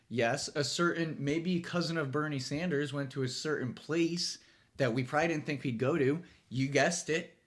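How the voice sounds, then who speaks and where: A man's voice: fairly high pitch, moderate pace. A man hosting a late-night comedy monologue, rambling and self-mocking, recorded on a phone. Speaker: host.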